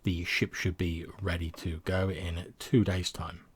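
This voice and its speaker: A man's voice: deep voice, level tone, measured pace, breathy edge. A man narrating a tabletop game as game master, rambling with lots of fillers and restarts.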